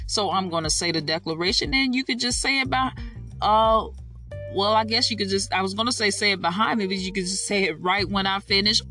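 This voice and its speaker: A podcast host leading spoken prayer and faith declarations. They talk with fervor, repeat each declaration slowly for listeners to echo, and drop into folksy, informal asides between prayers. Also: mid-range voice, pushed and bright, recorded from a distance.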